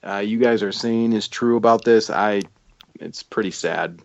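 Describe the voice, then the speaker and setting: A man co-hosting a casual podcast, explaining his points in a measured way. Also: lowish voice, vocal fry, dry recording, dull audio. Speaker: podcast co-host. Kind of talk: casual wrestling talk.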